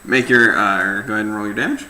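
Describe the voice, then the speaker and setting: A man's voice: fairly low pitch, fairly even intonation, fast talker, crowd noise. A man narrating a tabletop game as game master, in a loose, filler-heavy style. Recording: echoey room, faint noise.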